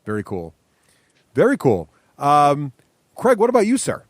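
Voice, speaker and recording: A man's voice: on the high side, huge pitch swings, unhurried, no room sound, studio quality. A man co-hosting a podcast in casual chat, blunt and opinionated. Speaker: podcast co-host.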